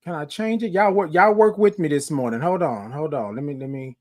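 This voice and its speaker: Hosting a live morning show, a man talks straight to his viewers in a relaxed, chatty way, frequently saying the same things again. His voice is a little high and his pace brisk.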